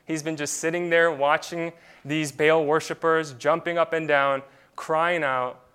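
A man preaching a sermon as a pastor. He leans on rhetorical questions and drops to a quiet voice for effect, sometimes repeating words as he starts a thought. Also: fairly high pitch, steady tone, a little slow, clear, resonant tone.

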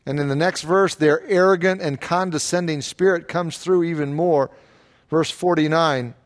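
A man's voice: a little high, steady tone, normal speed. A man preaching an expository sermon, emphatic and rising and falling with the text. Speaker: pastor.

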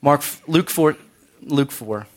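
A man's voice: on the high side, slow pace. A man teaching a Bible study in a conversational sermon style, making joking asides and quoting scripture.

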